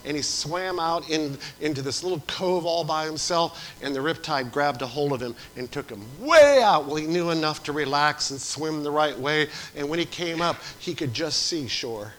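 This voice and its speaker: A man preaching a sermon as pastor, swinging from loud to hushed. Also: on the high side, moderate pace, hardly any pauses, poor audio.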